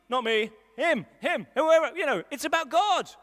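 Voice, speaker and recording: At a live service in a large hall, a man preaches a sermon conversationally, repeating his points for emphasis. His voice is very high-pitched, animated and a bit bright, moving at normal speed.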